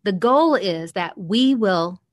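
A woman's voice: medium pitch, lively intonation, takes it slowly, no echo. Earnest woman telling a heartfelt story. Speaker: podcast co-host. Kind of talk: casual faith podcast talk, personal story.

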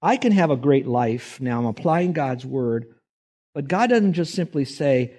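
A male pastor preaching a sermon in an emphatic, animated way, sometimes drifting off the mic. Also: measured pace. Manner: emphatic preaching, voices quoted figures with rising pitch.

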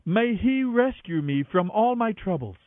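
A man's voice: high voice, big pitch swings, unhurried, no room sound, voice pushed up. A man voicing an impassioned young warrior, raised and pleading. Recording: dry, tinny phone-like radio sound.

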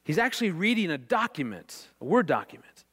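A middle-aged man giving a faith-based teaching talk on marriage, an earnest and animated storyteller who repeats words when excited. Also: a little high, brisk, breathy edge. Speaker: marriage speaker.

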